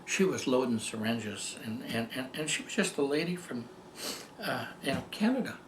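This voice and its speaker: An older man telling a personal story as a testimonial, rambling and halting, with many fillers and restarts. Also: medium pitch, animated, echoey room, slight background noise. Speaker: patient giving a testimonial. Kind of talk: storytelling tribute.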